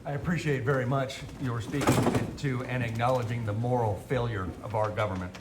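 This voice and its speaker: A man's voice: mid-range voice, steady tone. Formal male questioner in an echoey hall. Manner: formal, deliberate phrasing. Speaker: audience member asking a question. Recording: echoey hall with clicking noise.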